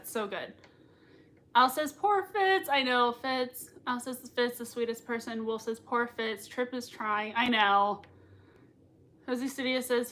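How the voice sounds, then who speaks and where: A woman hosting a live reaction stream at home. She gushes excitedly, laughs often, and reads out viewer comments between her own reactions. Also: on the high side. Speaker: livestream reaction host.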